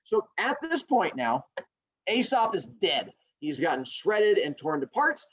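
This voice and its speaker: A male teacher telling a story to a class in a joking, animated way. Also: high-pitched, unhurried, slightly rough, muffled recording.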